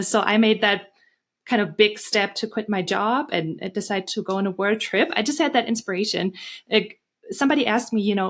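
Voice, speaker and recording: A woman with a German accent, a guest author earnestly telling stories in an interview. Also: mid-range voice. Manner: earnest, storytelling, some restarts. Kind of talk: interview answers.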